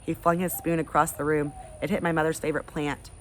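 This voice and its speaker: A teacher in her thirties reads a children's book aloud to her class, expressive and animated. Her voice is low and brisk, with slight background noise.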